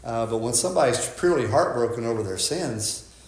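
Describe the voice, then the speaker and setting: Folksy pastor preaching in an echoey church. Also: male voice, mid-range voice, expressive, fairly quick. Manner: conversational, folksy preaching with frequent "right?" and restarts. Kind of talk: sermon.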